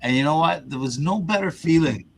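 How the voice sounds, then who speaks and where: The recording is rough, with some hiss or hum, and the man's voice is gravelly, fairly high, lively, and fairly quick. He's an interview-show guest sincerely sharing a personal story, repeating himself and starting sentences over.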